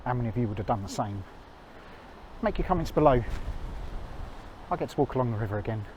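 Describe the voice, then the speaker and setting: A man's voice: mid-range voice, animated, fast talker, darkish tone, slight background noise, rough recording. Chatty man vlogging outdoors. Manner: chatty, self-mocking, rambling. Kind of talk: walking vlog to camera. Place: outdoors on a country walk. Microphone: handheld camera.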